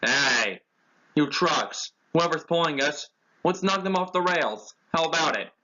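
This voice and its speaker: A man's voice: a little high, lively intonation, a little slow, pushed and bright. A man voicing a spiteful, boastful male boat who taunts the engines, in a dull lo-fi recording. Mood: scheming. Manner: sneering and taunting.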